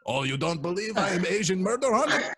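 Give me a man playing a bragging murder hornet with a put-on Indian accent and broken English, voice pushed higher. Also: very animated, a little fast, fairly bright tone, husky, exaggerated voice. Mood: menacing. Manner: broken English, menacing and cocky. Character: boastful talking male murder hornet.

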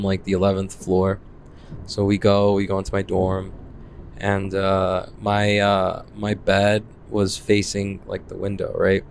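A man's voice: lowish voice, a little mellow, a little hiss or hum. Rambling young man telling a story. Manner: rambling, heavy filler "like", swears often. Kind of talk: casual spoken storytelling.

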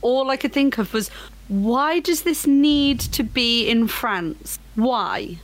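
A woman's voice: fairly high pitch, expressive, takes it slowly. A woman in a casual film review chat, speaking with emphatic exasperation.

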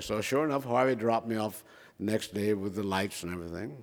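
A man's voice: fairly low pitch, fast. Older man telling a chatty anecdote. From Minnesota. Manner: chatty, self-mocking, with many fillers. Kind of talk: personal storytelling. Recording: reverberant hall.

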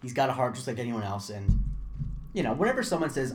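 A man's voice: medium pitch, very animated, fast talker, slight background noise. A young man from Florida co-hosting a podcast, telling stories in a rambling, self-interrupting way. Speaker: podcast co-host. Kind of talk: casual chat.

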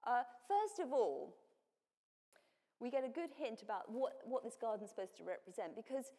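A woman's voice: on the high side, very animated, normal speed, dark tone. A woman giving a sermon, explaining scripture in a plain teaching manner with frequent self-corrections. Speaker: preacher. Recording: long hall reverb.

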